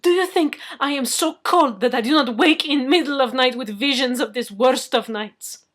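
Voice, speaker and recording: Woman reader doing a proud, prickly heroine, stiff broken English, slightly high voice. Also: moderate pace, a bit bright. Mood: indignant. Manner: indignant, drops articles. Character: proud, fiery woman speaking stiff, article-dropping English. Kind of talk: audiobook reading.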